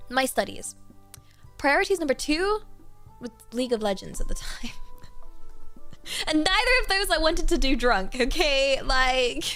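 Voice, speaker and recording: Young british girl streamer, giggly and rambly, kinda high voice, quiet music in the back. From Britain. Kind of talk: casual livestream chat.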